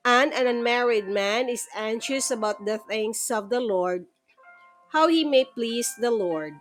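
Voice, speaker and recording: A woman reading scripture aloud in a calm, measured, reverent way. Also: fairly high pitch. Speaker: scripture reader. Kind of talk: slow devotional scripture reading. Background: soft instrumental music.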